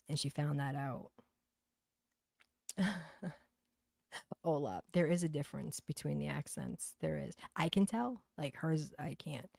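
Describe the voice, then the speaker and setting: A woman's voice: sits low, creaky, a little mellow, dry recording, clean studio sound. A woman from New Bedford with a Boston accent, a livestream host chatting casually and bluntly with viewers, swearing and gossiping as she reads comments. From New Bedford, Massachusetts.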